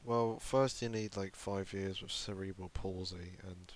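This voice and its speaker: A man's voice: low voice, fairly even intonation, measured pace. A young man in a casual podcast chat, joking dryly in short replies. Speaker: podcast co-host.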